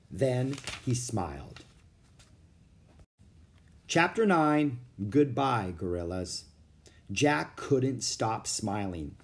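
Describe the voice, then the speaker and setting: A man's voice: medium pitch, vocal fry. Man reading a storybook aloud. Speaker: narrator. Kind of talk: storybook narration.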